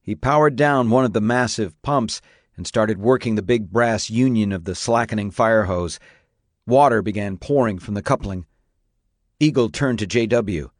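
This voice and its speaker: Male audiobook narrator, low-ish voice, steady reading, dry close sound. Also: moderate pace, dry recording. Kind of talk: scripted narration.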